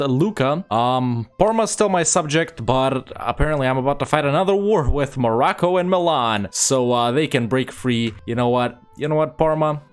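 A young man talks through his game in a loose, exasperated way, mocking himself and turning each setback into mock drama. His pitch sits in the middle of the usual range for a man, and faint music plays under his voice. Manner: exasperated, self-mocking, frequent laughs and mock-dramatic asides. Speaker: gaming YouTuber. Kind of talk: casual gameplay commentary.

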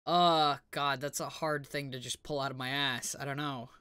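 A young woman streaming a video game, chatting casually, loud and laughing and swearing freely. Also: rumbling low, fairly even intonation, normal speed, clean tone, no echo, studio quality. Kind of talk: casual chat.

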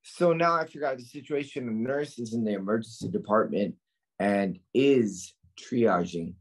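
A man's voice: medium pitch, moderate pace. A man tutoring nursing students, drilling them in a lecture style with questions he asks and answers himself.

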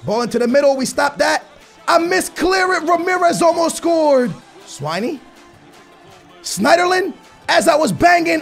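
A young man with a very high, gravelly voice calls a football video game live, swinging between yelling at plays and muttering complaints. His voice sounds strained and worn from shouting, and hip hop music plays faintly underneath. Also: measured pace, a faint crowd. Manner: excitable, shouting at the game, slangy. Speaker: gaming YouTuber. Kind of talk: live gameplay commentary.

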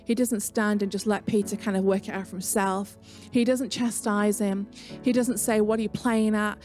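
A woman's voice: medium pitch, steady tone, normal speed, darkish tone, soft background music. A woman with an English accent preaching an online sermon in a chatty, conversational way, mixing personal stories with scripture. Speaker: pastor.

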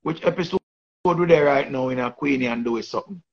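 Gravelly Jamaican man, rambling. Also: medium pitch, fairly quick, highs cut off. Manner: repetitive, restarts phrases, talks in patois. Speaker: online commentator. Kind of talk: casual rambling commentary.

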